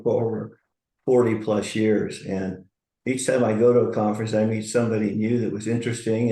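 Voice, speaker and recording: A man in his sixties with a low, gravelly, mellow voice, telling earnest stories as a co-host. The sound is roomy, with clear echo around him. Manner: reflective, earnest storytelling. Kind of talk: casual chat.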